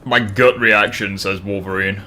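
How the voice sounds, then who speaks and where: Man, gaming stream host, low voice, crisp bright tone, casual, swears, repeats words when restarting. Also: fairly even intonation, a little slow.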